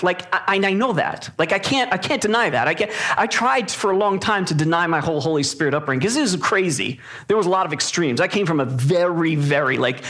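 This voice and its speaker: A man's voice: sits high, a bit bright. Man preaching a loose, conversational sermon. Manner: conversational, many fillers and restarts. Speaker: pastor.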